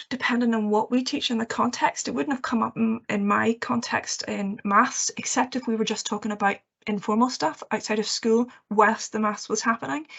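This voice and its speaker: A woman's voice: a little high, gravelly. A woman giving a training presentation to teachers, earnest and reassuring, often checking in with "okay". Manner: earnest, reassuring, with frequent okays and ums. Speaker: education trainer. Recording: muffled lo-fi recording.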